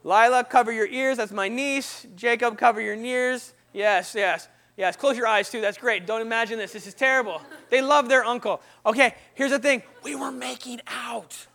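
A preacher in his thirties tells his testimony from the pulpit, joking with his congregation. His voice sits very high for a man and has a bright, forceful edge. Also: moderate pace, hardly any pauses. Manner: storytelling, animated, jokes with the congregation. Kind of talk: sermon testimony.

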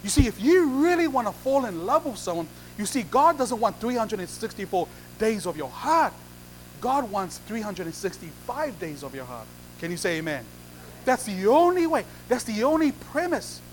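A man's voice: sits high, big pitch swings, normal speed, a little hiss or hum, low-quality recording. A man preaching a sermon, acting out little conversations and repeating phrases for emphasis. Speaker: pastor.

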